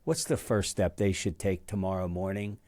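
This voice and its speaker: Low-voiced, hesitant male podcast host. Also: normal speed, dark tone, dry recording. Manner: hesitant, restarts words while asking. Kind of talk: interview questions.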